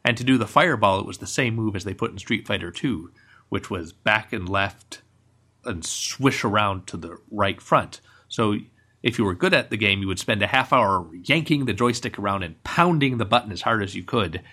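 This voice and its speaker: A man's voice: lowish voice, expressive, normal speed, pushed and bright, husky. A man on a casual podcast chat over a video call, telling a story in a matter-of-fact way.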